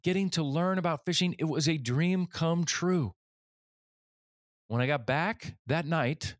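A man's voice: fairly high pitch, dry recording, studio quality. A man in his forties hosting a leadership podcast, telling a personal story in an earnest way and getting livelier when he acts out other people. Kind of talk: storytelling monologue.

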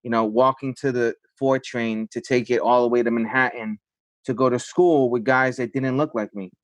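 A man's voice: medium pitch, fairly even intonation, normal speed, no room sound. Reflective man from the Bronx. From South Bronx, New York. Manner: reflective, many fillers. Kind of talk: casual podcast chat.

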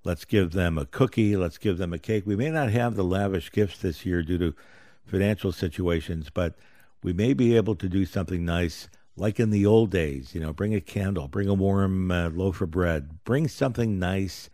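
Deep-voiced man hosting a radio money show. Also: moderate pace, warm tone, no echo, clean studio sound. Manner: folksy, upbeat salesman patter. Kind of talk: radio financial talk show.

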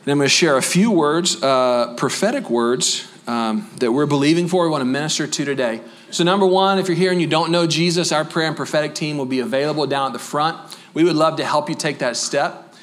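High-voiced, fired-up male pastor preaching. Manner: energetic, animated preaching with quick asides and humor; drops to a soft, slow voice for closing prayer. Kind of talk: sermon. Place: church sanctuary.

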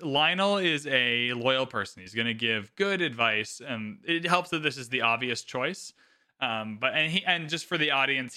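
A man co-hosting a podcast, chatting casually and animatedly about a TV episode, swearing freely and filling his talk with "like". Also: mid-range voice. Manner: animated, swearing, lots of filler "like". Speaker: podcast co-host. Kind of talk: casual chat recapping a TV episode.

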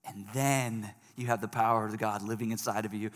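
A male pastor preaching a sermon in a church, animated and emphatic, swinging from loud emphasis to soft, earnest passages. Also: fairly low pitch, fairly quick, few pauses. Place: church service hall. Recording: long reverb of a large hall.

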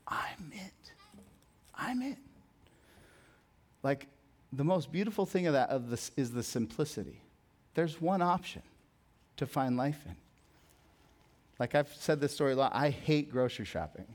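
A young man preaching a sermon as a pastor, conversational and jokey, telling stories, then dropping soft for emphasis. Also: medium pitch, lively intonation, moderate pace, pauses often. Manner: conversational, jokey storytelling with sudden soft drops.

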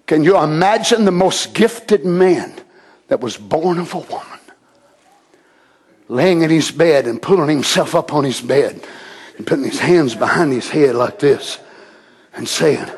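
A man preaching a sermon, swinging from shouted, drawn-out lines to low murmurs. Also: animated, husky.

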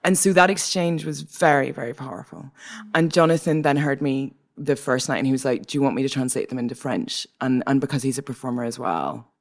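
A woman's voice: rumbling low, a little fast. A woman from Northern Ireland with a Northern Irish accent, a guest poet telling a story in a casual interview with laughter and many restarts. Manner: animated, laughing, full of restarts and asides.

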